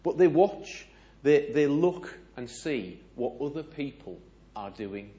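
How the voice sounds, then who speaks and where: A British man speaking to a gathered audience, telling a lively personal story, asking the audience questions and acting out the dialogue. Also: medium pitch, slow pace, lo-fi sound. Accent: British English. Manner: animated, asks audience questions, acts out dialogue. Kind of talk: storytelling sermon.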